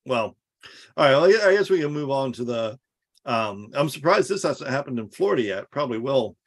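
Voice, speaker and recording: A man's voice: medium pitch, expressive, normal speed. A man co-hosting a podcast, chatting casually and sarcastically about politics and swearing freely. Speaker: podcast co-host.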